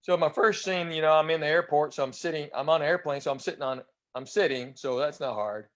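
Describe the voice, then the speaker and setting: A man's voice: on the high side, fast, fairly bright tone. A man in his fifties from East Tennessee with a Southern accent, telling chatty anecdotes as a guest comedian and enunciating his drawl. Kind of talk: casual storytelling interview.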